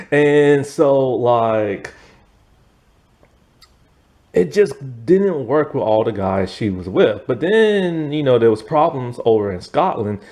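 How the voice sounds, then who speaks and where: Dude rambling about a tv show, voice swings up and down a lot, tons of "like" and "you know". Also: male voice, slow. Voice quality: chatty, filler-heavy, meandering, with "like" and "you know". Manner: animated, swooping pitch. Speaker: TV review vlogger. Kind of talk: casual chat.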